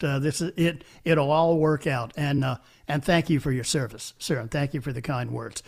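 An older man at a studio microphone hosts a call-in radio show, his voice sitting a little higher than most men's. He talks in a folksy, unhurried way, stumbling over fillers and restarts. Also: steady tone, vocal fry. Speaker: talk radio host.

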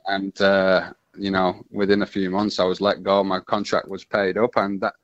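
A man, telling his story as a radio interview guest, halting and full of restarts. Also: deep voice, flat delivery, no room sound, muffled recording.

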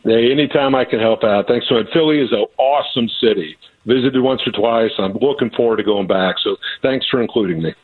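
A man calling in as a guest analyst on foreign policy, talking in a measured way with some fillers. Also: mid-range voice. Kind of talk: phone-in commentary. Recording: phone line, husky.

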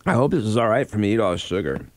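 A man's voice: on the low side, very animated, very fast, no echo. A man co-hosting a radio show, chatting with wry humor and often laughing mid-sentence. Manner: wry, laughs through his lines. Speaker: radio co-host. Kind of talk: casual studio banter. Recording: loud background noise.

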